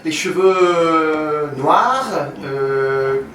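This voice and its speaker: A man answering on the spot in a halting way, pausing often to search for words. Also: on the high side, over a noisy crowd. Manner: hesitant, searching for words, many euhs. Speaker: studio guest. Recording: echoey room, far from the mic, clear hiss.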